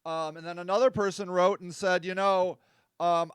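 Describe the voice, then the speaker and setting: A man with a high, resonant voice hosts a loose live-stream chat, reading viewer comments aloud. He rambles, fills gaps with ums and uhs, and pokes fun at himself. The sound is dry and close. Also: little pitch movement, normal speed, clean tone, no room sound. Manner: rambling and self-deprecating, with many fillers. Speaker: host.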